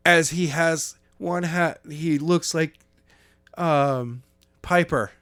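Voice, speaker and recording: A man's voice: on the high side, takes it slowly, a bit bright, smooth, no echo, clean studio sound. A man co-hosting a casual wrestling podcast, joking around and slipping into mock announcer hype. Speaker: podcast co-host.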